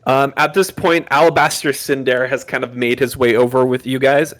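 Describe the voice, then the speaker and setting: A man's voice: medium pitch, steady tone, normal speed, a bit bright. A man running a tabletop game as game master, narrating with many ums and restarts. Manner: hesitant, filler-heavy narration with many restarts.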